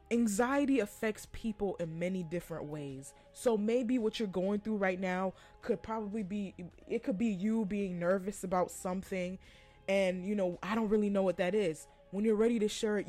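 A woman voicing a calm, dismissive female doctor who talks down to her patient. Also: mid-range voice, normal speed, faint music behind, pitched below the performer's own voice, close to an everyday voice. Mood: patronizing. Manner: soothing, condescending.

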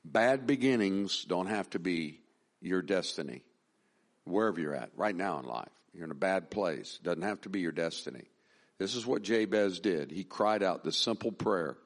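A man's voice: low voice, expressive, moderate pace. A middle-aged man preaching a sermon as pastor, talking in a conversational, folksy way, with restarts and rising emphasis.

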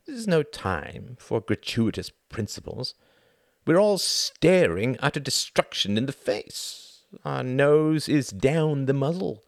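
A man's voice: medium pitch, very animated, takes it slowly, vocal fry, no echo, clean studio sound, voice pushed up, heavily acted. A man doing a cynical old British lord. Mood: weary cynical. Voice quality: sardonic, world-weary drawl. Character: weary older aristocratic British diplomat, cynical.

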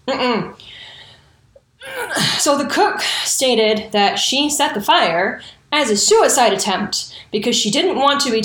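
A fairly high-voiced woman tells the story casually, swearing freely and breaking off into indignant, sarcastic asides. Her voice sounds echoey, as if recorded in a bare room. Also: a bit bright. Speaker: true crime storyteller.

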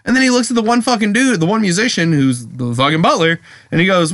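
A young man, fairly high-voiced, tells a story in a loose, profane ramble, slipping into voices for the people in it. His voice sounds close and dry, with almost no room around it. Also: animated, quick pace, few pauses, fairly bright tone, dry recording. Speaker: podcast co-host. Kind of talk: casual chat. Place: home.

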